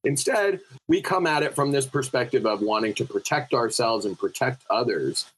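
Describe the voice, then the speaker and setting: A man who is a podcast guest, telling stories in an animated, spiritual way with many fillers, in casual conversation. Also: medium pitch, moderate pace, slight background noise, poor audio.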